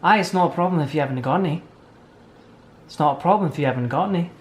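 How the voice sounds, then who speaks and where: A man's voice: fairly high pitch, quick pace, lightly acted. A man attempting a clumsy, exaggerated Scottish accent as a joke in a vlog. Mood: playful.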